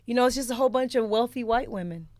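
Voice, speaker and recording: A woman guest on a podcast, telling stories in blunt, profane, animated casual chat in a studio. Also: on the high side, racing, no room sound.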